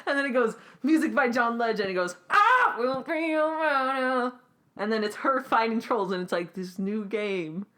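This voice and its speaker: A young woman co-hosting a podcast, chatting casually, animated and swearing freely. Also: mid-range voice, brisk, few pauses. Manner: animated, swears freely, acts out bits in funny voices. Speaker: podcast co-host. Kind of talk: casual chat.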